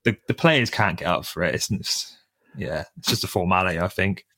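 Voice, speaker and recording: Casting: laid-back young co-host, lower voice, chatty with pauses, dry close mic. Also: male voice, no room sound. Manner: relaxed, hesitant with fillers, laughs while telling stories. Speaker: podcast co-host. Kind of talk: casual football chat.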